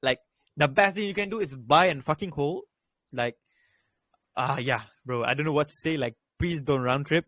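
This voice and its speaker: A man's voice: on the high side, moderate pace, fairly bright tone, dry recording. A young man and student giving blunt, profanity-laden crypto advice in a casual voice chat, repeating his points. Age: young adult. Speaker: crypto trading voice chat host.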